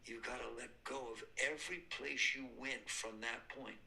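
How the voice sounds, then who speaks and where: A man's voice: medium pitch, normal speed, creaky, sharp tone, low-quality recording. An older man giving a spiritual talk, emphatic, repeating points and answering his own questions. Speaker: spiritual teacher.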